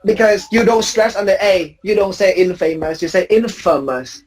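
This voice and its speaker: A woman's voice: mid-range voice, fairly even intonation, fairly quick, low-quality recording. A woman teaching English pronunciation in a class drill, patiently correcting students and repeating each word as a model.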